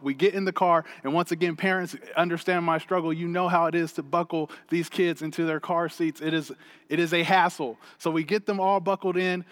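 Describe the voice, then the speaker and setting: A man in his thirties preaching a sermon, energetic and chatty, telling a family story with laughs. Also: a little high, moderate pace, in a large hall. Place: church hall stage.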